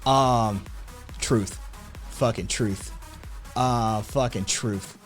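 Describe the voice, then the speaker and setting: A man hosting his own show, chatting casually and profanely with his live audience in a rambling, animated way. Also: fairly low pitch, very slow, faint music behind. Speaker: podcast host. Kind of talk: casual livestream chat, reading chat.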